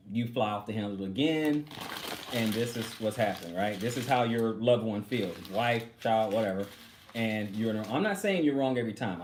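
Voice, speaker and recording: A man's voice: fairly low pitch, a little hiss or hum. A man giving an informal Bible teaching to other men, talking conversationally, repeating himself and demonstrating with a prop. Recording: echoey room with faint ambience.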